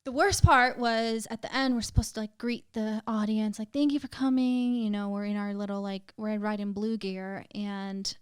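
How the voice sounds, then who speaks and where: Smooth-voiced young woman telling a story. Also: mid-range voice, steady tone, moderate pace, hardly any pauses, no echo, studio quality. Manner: emotional, many "like" fillers, swearing. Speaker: podcast guest. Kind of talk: casual storytelling.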